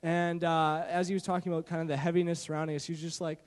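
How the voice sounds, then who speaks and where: A man telling a mission trip story to a church gathering on a handheld mic, in a lively way with lots of fillers and restarts. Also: fairly high pitch, fast talker, big-room sound. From Canada. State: shaky from not eating. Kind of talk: church testimony talk. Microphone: handheld microphone.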